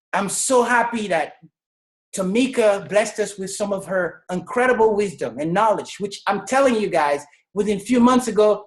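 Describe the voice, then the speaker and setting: A woman in her thirties from Senegal giving an energetic, emphatic motivational testimony on a video call, often raising her voice to tell her story. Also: mid-range voice, poor audio. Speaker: network marketing leader.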